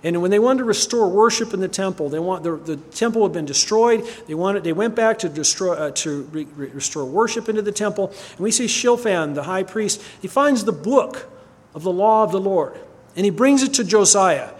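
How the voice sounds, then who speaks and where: A man with a high-pitched voice preaches a sermon. He reads Bible passages aloud and puts questions to his listeners, stopping now and then to correct a slip. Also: expressive, moderate pace. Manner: reads scripture aloud, asks the listeners questions, often stops to correct himself.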